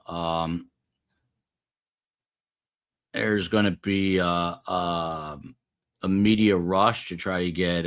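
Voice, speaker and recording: Male livestream host, rambling, low voice, casual live commentary. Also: fairly bright tone. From United States. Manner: rambling, chatting with viewers. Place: upper floor of a building.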